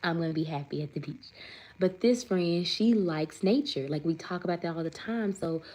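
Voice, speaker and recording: Chatty woman with a low, mellow voice. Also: normal speed, low-quality recording. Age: 30s. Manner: chatty, rambling, says "like" often; reads viewer comments aloud. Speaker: livestream host. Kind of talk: casual livestream chat.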